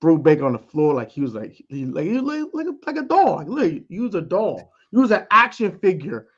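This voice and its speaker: Animated mocking man on lo-fi audio. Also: fairly high pitch, fast, breathy edge. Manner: mocking, theatrical, swings between loud and quiet. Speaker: co-host. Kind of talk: animated sports banter. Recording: dull lo-fi audio.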